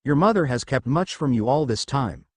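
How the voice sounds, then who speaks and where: A man's voice: medium pitch, animated, moderate pace, no room sound, lightly acted. A man voicing a strong demigod hero who earnestly pleads his innocence, recorded dry and close.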